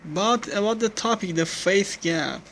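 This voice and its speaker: Slow, halting man giving feedback. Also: high voice, creaky, fairly bright tone, slight background noise, low-quality recording. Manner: halting, frequent restarts and self-corrections with "no"; non-native English phrasing. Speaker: listener giving speaking feedback. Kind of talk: casual recorded voice feedback.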